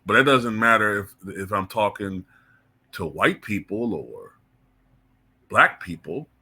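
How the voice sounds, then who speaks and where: A man's voice: fairly low pitch, big pitch swings, slow pace, pushed and bright, slightly rough. Blunt, heated male commentator. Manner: blunt and heated, curses freely. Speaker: political commentator. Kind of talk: casual opinion commentary.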